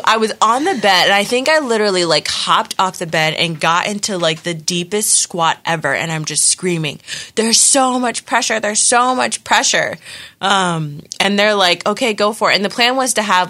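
Animated young woman telling a story. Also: lowish voice, moderate pace, few pauses. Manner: animated storytelling with many fillers. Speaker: podcast guest telling her birth story. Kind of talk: casual chat.

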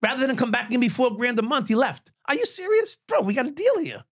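A man's voice: very high-pitched, very animated, fast talker, a bit bright, slightly rough, no room sound, clean studio sound. A man in his sixties, a former police officer, telling stories as a podcast guest, swearing freely and laughing at his own tales. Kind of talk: profane storytelling in an interview.

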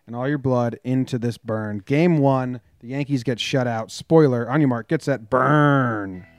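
A man co-hosting a relaxed sports podcast, ribbing his partner and hamming his way through the sponsor read. His voice sits at an ordinary pitch and sounds close and dry, with no room around it. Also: normal speed, no room sound. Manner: joking, teasing, reads ad copy playfully. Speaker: podcast co-host. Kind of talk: casual sports chat.

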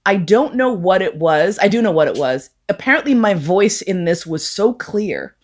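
A woman with a fairly low voice tells a raunchy story to a live crowd. She swears freely and slips in and out of voices as she quotes people. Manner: profane, animated, acts out quoted voices. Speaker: storyteller guest.

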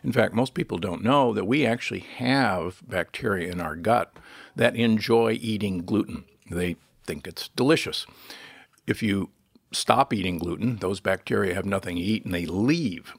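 A man's voice: fairly low pitch, vocal fry, dry recording. A man, a physician guest on a podcast interview, explaining health topics in an emphatic, lecturing way.

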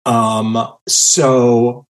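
A man hosting a podcast in casual chat, teasing and deadpan sarcastic. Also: mid-range voice, drawn-out words. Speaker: podcast host.

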